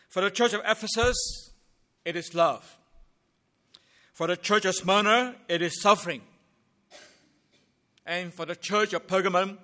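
A man preaching a sermon as pastor, emphatic and deliberate, building points in rhythmic groups of three. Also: sits high, pushed and bright.

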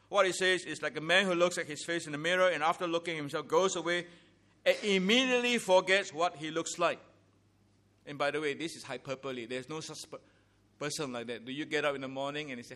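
A man preaches a church sermon in a fairly high voice. He builds to emphatic declarations and asks his congregation rhetorical questions. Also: fairly even intonation, fast talker, pushed and bright. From Singapore. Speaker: pastor. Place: church sanctuary.

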